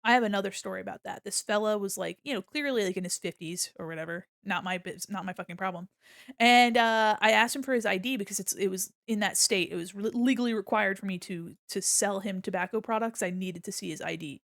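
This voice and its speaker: Speaking fairly quickly with vocal fry at a medium pitch, a woman streamer swaps stories with her audience, cursing freely and acting out what people said. The recording is dry and of studio quality.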